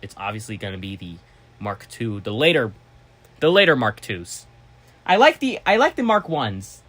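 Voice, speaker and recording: A man chatting casually as a vlogger, excitable and rambling, with restarts and sudden loud outbursts. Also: medium pitch, moderate pace. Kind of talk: casual vlog chat.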